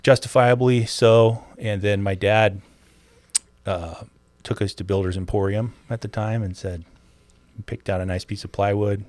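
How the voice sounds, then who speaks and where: A man's voice: fairly low pitch, fairly even intonation, a little slow, darkish tone, no room sound. A man talking in a casual podcast conversation, explaining his work step by step and telling stories with a laugh. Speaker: forensic interviewer, podcast guest.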